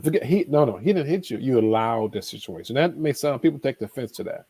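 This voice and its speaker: Preacherly male life coach, dark dry voice. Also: mid-range voice, animated, fast talker, husky, no echo. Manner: preacherly, acts out dialogue, emphatic repetition. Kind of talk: animated storytelling advice.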